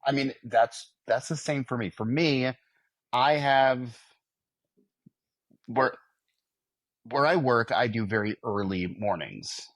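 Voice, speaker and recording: A man's voice: mid-range voice, slow pace, long pauses, dry recording, studio quality. A middle-aged man with an American accent, co-hosting a casual podcast chat with wry, self-deprecating banter. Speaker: podcast co-host.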